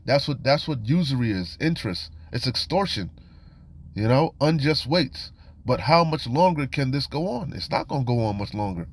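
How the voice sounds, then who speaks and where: A man's voice: medium pitch, expressive, moderate pace. A man teaching from scripture in a casual, streetwise way, reading verses aloud and commenting with frequent "you know" and "man". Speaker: preacher.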